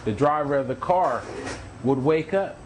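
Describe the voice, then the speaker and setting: A man tells his own testimony in an earnest, storytelling way, often repeating himself. His voice sits a bit higher than most men's. A faint hiss runs under the recording. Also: animated, a little slow, poor audio. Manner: earnest, repeats phrases, acts out quoted voices. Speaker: testimony speaker.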